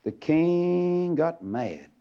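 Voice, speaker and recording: A man preaches a folksy radio sermon, his voice swinging widely from soft asides up to ringing, shouted peaks. The recording is dull and lo-fi, with a narrow, muffled sound. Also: a little high, sing-song, drawn-out words.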